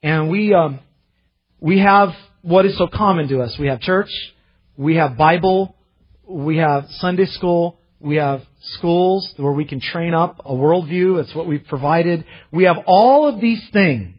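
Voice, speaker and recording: A pastor preaching a sermon in an earnest way, rising to impassioned readings of scripture. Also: male voice, on the high side, unhurried, slightly rough, dull audio.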